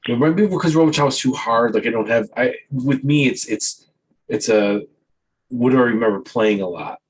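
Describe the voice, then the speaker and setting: A man's voice: mid-range voice, moderate pace, husky, poor audio. A man hosting a podcast, talking in a chatty, self-interrupting way. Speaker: podcast host. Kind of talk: casual chat.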